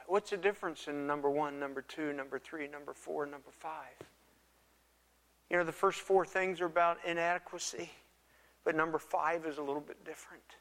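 A man preaching a sermon as a pastor, earnest and given to repeating words, sometimes dropping his voice very low. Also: fairly even intonation, moderate pace, a bit bright. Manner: earnest, repeats words, drops to near whisper for quoted pleas. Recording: long reverb of a church hall.

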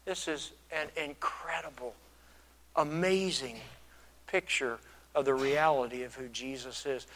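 A man preaching a sermon in an earnest, reflective way, often restarting his words and growing louder for emphasis. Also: mid-range voice, a little slow, rough recording. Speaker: pastor.

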